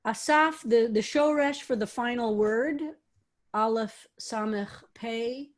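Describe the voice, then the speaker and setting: A woman's voice: fairly high pitch, slow. A woman rabbi leading a study class, talking animatedly and throwing out question after question, with frequent restarts. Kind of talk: teaching a text study class.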